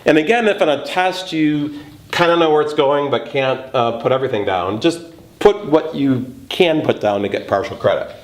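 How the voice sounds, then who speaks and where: A man's voice: a little high, animated, normal speed. A man teaching a geometry proof lesson, thinking aloud as he works and stressing key words. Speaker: math teacher. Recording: echoey room, faint noise.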